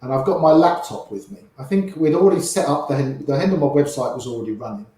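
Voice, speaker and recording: An older man, a poker player, telling long anecdotes with lively quoted voices. His voice sits a bit high for a man. He sounds boomy and echoey, as if in a big hard room. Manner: animated raconteur, quotes people in quick little voices. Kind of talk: anecdotal storytelling.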